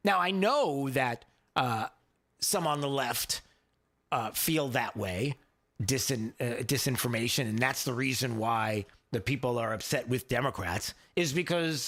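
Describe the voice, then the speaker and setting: A man hosting a talk radio show, giving opinionated commentary in a mocking tone, often halting with fillers. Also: medium pitch, a bit bright.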